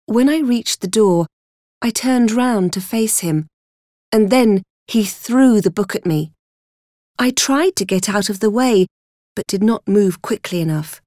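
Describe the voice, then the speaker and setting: A woman reading a story aloud in the first person, measured and deliberate. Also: mid-range voice, mellow, no echo, clean studio sound. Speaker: audiobook reader.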